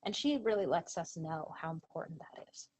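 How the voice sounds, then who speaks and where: A woman presenter giving an earnest lecture to a professional training audience, animated when she quotes others. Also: low-pitched, moderate pace, poor audio.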